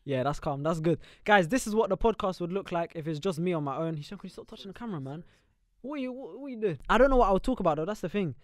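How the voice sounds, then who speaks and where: Young male podcast co-host, slightly high voice, joking and rambling, dry close sound. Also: animated, dry recording. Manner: quick, joking, rambling banter. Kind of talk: casual chat.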